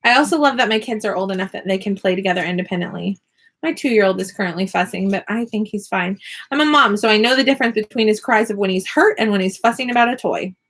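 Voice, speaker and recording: A woman vlogging from her home classroom, chatting casually and upbeat with quick laughs while she crafts. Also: mid-range voice, fairly bright tone. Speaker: vlogger and online teacher.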